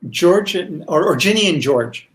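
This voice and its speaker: A man, the creator of a TV series, explaining his choices as a guest in a casual online chat, speaking thoughtfully and haltingly. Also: high voice, expressive, a bit bright. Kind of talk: casual video-chat commentary.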